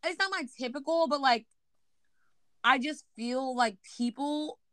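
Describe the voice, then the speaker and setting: Animated woman telling stories on a podcast. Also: high-pitched, unhurried, no room sound. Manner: animated, swears freely, acts out the other people in her stories. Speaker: podcast co-host. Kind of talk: casual storytelling chat.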